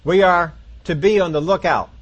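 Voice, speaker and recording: A man's voice: sits high, moderate pace, slightly rough. A man preaching a sermon, speaking in emphatic, repetitive declarations to his congregation.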